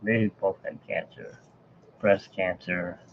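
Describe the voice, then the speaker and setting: A man's voice: low voice, steady tone, takes it slowly. A man chatting casually and rambling to himself as he draws live for his viewers. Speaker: live-drawing streamer. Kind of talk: casual chat while drawing. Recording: tinny phone-like line with faint hiss.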